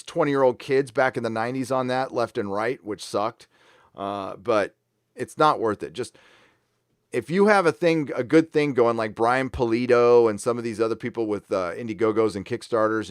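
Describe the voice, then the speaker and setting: A man hosts a casual live stream, talking in a mid-range voice that wanders and doubles back with plenty of fillers. He chats offhandedly and breaks into easy laughter now and then. The sound is close and dry, with no room echo. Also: medium pitch. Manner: rambling, offhand, laughs easily, frequent fillers and restarts. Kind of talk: casual live stream chat reading viewer comments.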